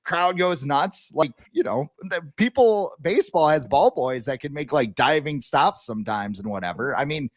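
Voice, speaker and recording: Animated young man, dry close mic. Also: a little high, moderate pace, hardly any pauses, no echo. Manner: animated, jokey, acts out quoted voices. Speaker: podcast co-host. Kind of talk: casual sports podcast chat.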